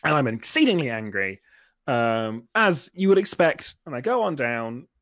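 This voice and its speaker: A man's voice: mid-range voice, sing-song, normal speed, a bit bright, no room sound. A man in his twenties telling a long comic story on a podcast, rambling and self-deprecating, with lots of restarts. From Britain. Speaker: podcast host.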